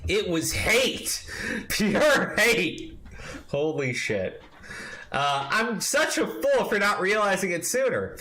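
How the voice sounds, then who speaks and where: A man's voice: high voice, pushed and bright, poor audio. A man hosting a commentary show, reading a post aloud with mocking emphasis, swearing and laughing asides.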